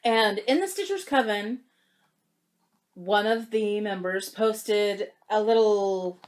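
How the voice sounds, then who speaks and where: A young woman vlogging about cross-stitch, telling a story in a chatty, animated way and getting emotional. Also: mid-range voice, slow. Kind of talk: casual chat to camera.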